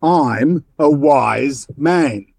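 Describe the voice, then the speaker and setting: An actor playing a terse, menacing male stranger who speaks curtly and slowly. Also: on the high side, creaky, husky, no room sound, exaggerated voice. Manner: curt, slow and flat.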